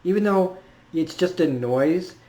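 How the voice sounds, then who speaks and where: A man's voice: high-pitched, lively intonation, a little slow, warm tone. A man recapping a cartoon episode in a casual, rambling way, full of fillers and laughs. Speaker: cartoon reviewer. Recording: roomy echo.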